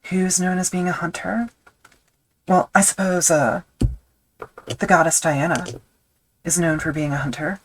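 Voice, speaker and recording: Low-pitched woman rambling along while she works leather on stream, laid-back and a bit self-mocking. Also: steady tone, unhurried, long pauses, a little hiss or hum, rough recording. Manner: rambling, self-deprecating, thinks aloud with fillers. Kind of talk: casual chat while crafting on a live stream.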